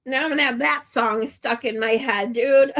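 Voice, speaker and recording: This streamer's voice is high and a little bright, delivered at a normal speed with a steady tone. Talking casually with her viewers, she wanders from topic to topic, laughs often, and gets teary.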